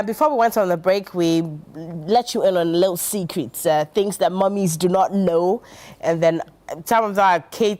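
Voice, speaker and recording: A woman's voice: fairly low pitch, darkish tone. A woman with a Ghanaian English accent hosting a TV talk show from a studio, playful and acting out quotes. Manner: playful, acts out quotes with laughter.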